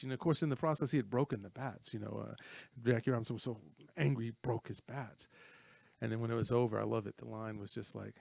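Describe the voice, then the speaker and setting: A man's voice: medium pitch, fast talker, gravelly, no echo. A man co-hosting a casual movie talk show, retelling film scenes with energy. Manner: animated storyteller, retells scenes with acted quotes.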